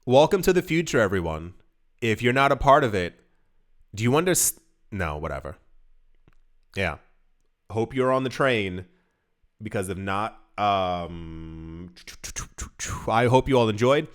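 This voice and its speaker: Emphatic man talking fast to camera. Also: mid-range voice, expressive. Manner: emphatic, repeats words and stumbles, acts out quoted voices. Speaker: crypto video host. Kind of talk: casual direct-to-camera commentary.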